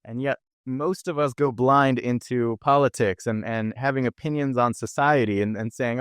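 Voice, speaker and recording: A man's voice: mid-range voice, fairly even intonation, normal speed, few pauses, clear, resonant tone, no echo, clean studio sound. A man speaking as a podcast guest, explaining ideas in an earnest, conversational way. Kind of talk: conversational interview.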